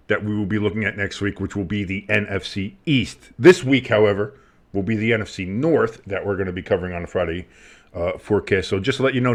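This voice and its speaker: A man co-hosting a casual sports podcast, rambling and excitable, swearing freely. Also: fairly low pitch. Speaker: podcast co-host.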